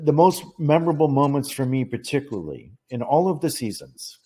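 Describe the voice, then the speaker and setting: A man who is a psychic medium, telling a story as a podcast guest, earnest and animated, acting out the dialogue and often restarting his phrases. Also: mid-range voice. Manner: animated, acts out quoted dialogue. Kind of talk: conversational storytelling.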